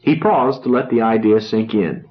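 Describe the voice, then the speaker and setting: A man reading a novel aloud in a measured, even storytelling manner. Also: lowish voice. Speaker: audiobook reader. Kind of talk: scripted narration. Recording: dull lo-fi recording.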